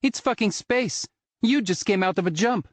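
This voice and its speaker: A man's voice: sits high, lively intonation, moderate pace, dry recording, voice pushed up. A man voicing a sassy, defiant young woman pilot who mocks and taunts. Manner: mocking, cocky.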